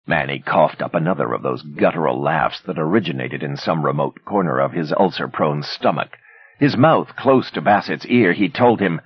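A man narrating a thriller with a dramatic, expressive reading. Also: extremely low pitch, moderate pace, slightly rough, dry recording, lo-fi sound. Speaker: audiobook narrator. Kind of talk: scripted narration.

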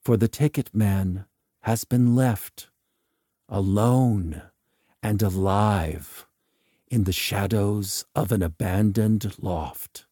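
A man narrating a scripted horror story in a measured, ominous way. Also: on the low side, mellow, no room sound, studio quality.

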